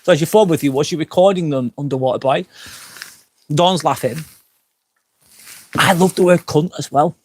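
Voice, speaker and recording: A man hosting a casual live stream outdoors by a fire pit, a little drunk on wine, rambling through chat comments with lots of swearing and quick apologies. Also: fairly high pitch, a little mellow. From England. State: tipsy from wine.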